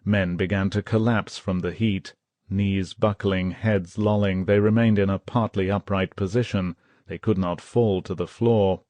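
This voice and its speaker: A man reading an audiobook in steady, measured scripted narration. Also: sits low, dry recording. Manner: measured, steady storytelling, voicing characters' shouts.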